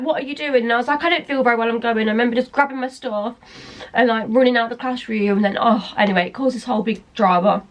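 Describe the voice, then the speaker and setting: A young woman, a vlogger talking candidly to the camera in a rambling, hesitant way that keeps interrupting itself. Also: high voice. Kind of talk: candid personal talk to camera.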